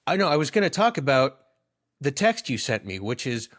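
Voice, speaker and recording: A man's voice: mid-range voice, sing-song, a little fast, a bit bright. A young man co-hosting a podcast in casual comedic chat, teasing his friend and rambling into jokey asides. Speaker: podcast co-host.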